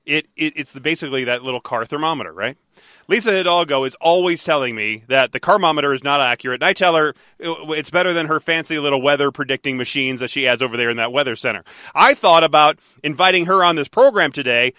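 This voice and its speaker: A man hosting a talk radio show, chatting and teasing his co-host in a lively, animated way. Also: fairly high pitch, fast, no echo, clean studio sound. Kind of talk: casual talk radio banter.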